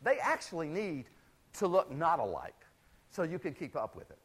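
A middle-aged man giving a lively, chatty stage talk with a demonstration, wearing a clip-on mic before a live audience. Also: on the high side, normal speed. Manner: animated, chatty, full of asides. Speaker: theater lecturer. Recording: faint crowd and room noise.

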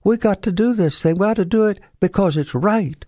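A man's voice: dark tone, dry recording. An older man impersonating a dry-witted older novelist, with a drawl. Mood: earnest. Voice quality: high, slow drawl.

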